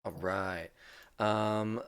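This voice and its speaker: A man's voice: on the low side, fairly even intonation, extremely slow, clean tone. A man chatting effusively on a charity game stream, laughing often as he sorts through the giveaway list. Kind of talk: casual chat on a charity stream.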